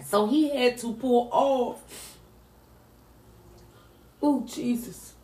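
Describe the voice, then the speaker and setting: A woman telling an emotional family story in a lively, animated way, acting out the other people's lines. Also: fairly high pitch, very slow, roomy sound. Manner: lively, animated retelling with voiced quotes. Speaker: mother telling her story.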